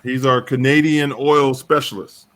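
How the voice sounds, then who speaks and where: A man's voice: medium pitch, level tone, measured pace, a bit bright. A man co-hosting a casual talk radio show, chatting in a laid-back way.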